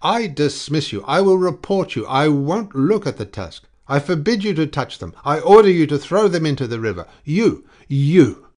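A man acting out a middle-aged station chief for a storybook recording, shrill and stuttering with rage, pitched well above a deep, gravelly reading voice and pushed out loudly. He is easily roused to indignation. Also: big pitch swings, normal speed, hardly any pauses, full character voice. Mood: furious. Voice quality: shrill, stuttering when enraged. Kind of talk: audiobook character voice.

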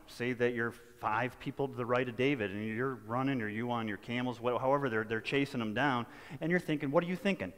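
Conversational pastor preaching in a reverberant church. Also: male voice, medium pitch. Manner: conversational preaching with folksy asides and restarts. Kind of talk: sermon. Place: church sanctuary.

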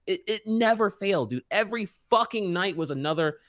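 A man's voice: high voice, lively intonation, brisk, few pauses, dry recording, clean studio sound. A man on a casual podcast, ranting in exasperation and saying dude a lot. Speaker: podcast co-host. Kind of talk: casual chat.

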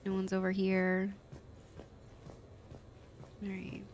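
A woman's voice: mid-range voice, monotone, slow, a little mellow, a little hiss or hum. Brief: female let's-play streamer, giggly casual commentary. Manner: giggly, chatty reactions.

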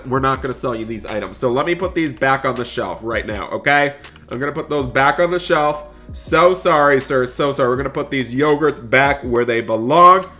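A man hosting a gaming roleplay video as a store cashier, excitable, switching between chatting with viewers and scolding customers. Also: mid-range voice.

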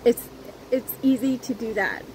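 A woman chatting earnestly to her viewers as a crochet vlogger, halting and restarting as she goes. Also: a little high, expressive, background noise. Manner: earnest, heartfelt. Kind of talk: casual chat to viewers.

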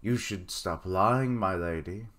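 A man reading out the lines of a stern, menacing armored male lord from an anime, in a calm, flat delivery. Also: low-pitched, slow pace. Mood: cold.

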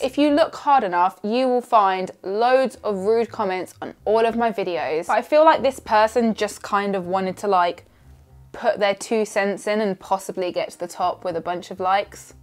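A woman's voice: medium pitch, normal speed. A young woman from Surrey with a southern English accent, talking casually and sarcastically as she reads out comments. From Surrey, England. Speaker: singer and YouTuber. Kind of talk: casual vlog reading comments.

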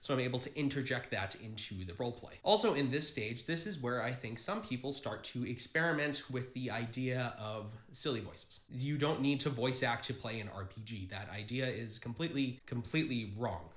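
A man gives an earnest explainer monologue in a middle-pitched voice. He speaks directly and encouragingly to his viewers. The room around him is echoey. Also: normal speed, hardly any pauses, fairly bright tone. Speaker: tabletop gaming channel host. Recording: roomy echo.

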